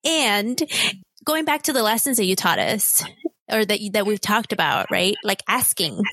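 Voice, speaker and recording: A woman guest on a podcast, chatting casually, bubbly and quick to laugh. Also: medium pitch, gravelly, no echo. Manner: laughs often, lively and bubbly. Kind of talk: casual chat.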